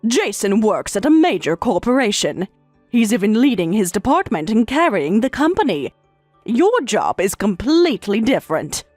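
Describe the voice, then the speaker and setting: A woman's voice: mid-range voice, sing-song, moderate pace, darkish tone, no room sound, soft background music. Synthetic woman voice as a scolding mother-in-law. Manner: scolding, lecturing tone. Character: domineering older mother-in-law, scolding and proud of her son. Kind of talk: text-to-speech story reading.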